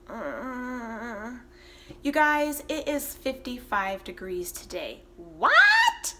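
A chatty woman vlogger records herself on a phone clipped into a car holder while she drives. Her voice is bright and a little high, and she takes her time, rambling along casually and talking straight to her viewers. A faint hum of the car sits under her talk. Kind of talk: casual chat.

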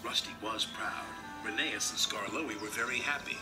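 A man narrating a storybook reading in an expressive way, with a few slips. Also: on the low side, normal speed, hardly any pauses. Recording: roomy, distant, loud music behind.

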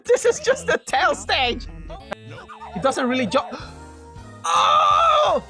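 A man's voice: very high-pitched, very animated, a little slow, fairly bright tone. A man giving frantic gameplay commentary, yelping, groaning and repeating himself in frustration, with game music behind him. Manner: repeats himself in exasperated loops. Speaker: gaming YouTuber.

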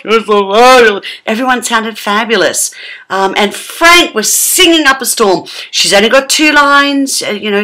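An Australian woman chatting in a lively, theatrical way for her tour vlog, sometimes dropping to a whisper. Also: mid-range voice. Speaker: vlogger.

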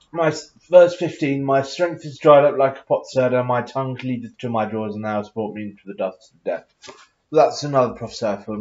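A man talks on his own in an exaggerated, put-on posh accent, drifting between reading verses aloud, making offhand remarks and humming to himself. His voice sits at an ordinary middle pitch. The recording is dull and lo-fi, with the highs rolled off. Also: darkish tone. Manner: reads scripture aloud in between rambling comments and humming. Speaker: vlogger. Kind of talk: rambling solo monologue.

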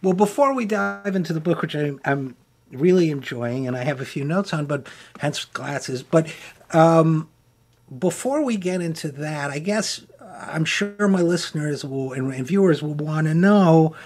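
A man hosting an interview show, speaking haltingly with many fillers and restarts. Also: fairly high pitch, darkish tone. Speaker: podcast host. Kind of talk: interview conversation.

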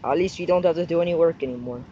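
A man voicing every character in a homemade skit, swinging between excited yelling and low mumbling. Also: rapid-fire, lo-fi sound, heavy background noise. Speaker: video maker voicing all characters.

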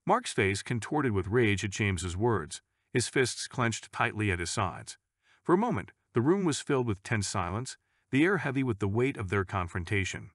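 A male narrator reading a scripted story, measured and even in manner. His voice is low but moves through a lively range of pitch, and the recording is dry and close with no room sound. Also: no echo.

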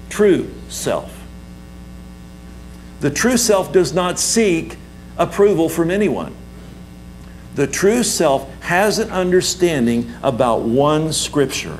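Slow, lively-pitched preaching man. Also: a little hiss or hum, poor audio. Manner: emphatic preaching with repetition and call-and-response. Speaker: pastor. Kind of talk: sermon.

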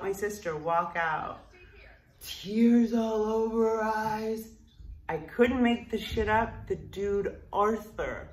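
A woman recounts her own story in casual, swearing, animated bursts. Her voice sits at a medium pitch. It sounds echoey and a little far from the mic. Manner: blunt, profane, animated. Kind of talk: casual spoken memoir. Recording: roomy echo, distant mic.

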